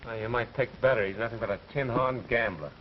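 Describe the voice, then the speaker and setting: An actor playing a newspaper reporter in 1930s film acting, with breezy, wisecracking banter. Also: male voice, mid-range voice, fast, a little hiss or hum, natural voice. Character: wisecracking young male college reporter. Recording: dull, lo-fi old film soundtrack.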